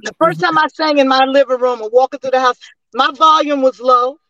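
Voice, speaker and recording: A woman in her sixties, a singer and interview guest, telling stories in a lively way with laughs and restarts over a remote call. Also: sits high, fairly quick, lo-fi sound. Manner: animated storyteller with frequent laughs and restarts. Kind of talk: casual interview storytelling.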